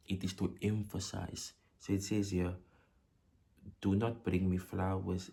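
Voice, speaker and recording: A male teacher walks a class through a poem at an unhurried pace. His voice is low and mellow, and he repeats words as he builds each point. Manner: repeats words and phrases for emphasis; slow, deliberate explanation with questions to the class. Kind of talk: poetry lesson for exam prep.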